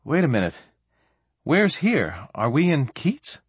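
A woman's voice: low-pitched, big pitch swings, breathy edge, no echo, voice pushed up, full character voice. A male narrator voicing a confused young woman who has just woken up. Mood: bewildered. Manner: confused, rapid questions.

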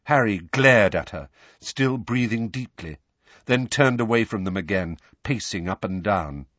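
A male audiobook narrator reads with lively, expressive swings in pitch and a husky grain. The recording is dry and a little dull. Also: measured pace, no echo. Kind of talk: storybook narration.

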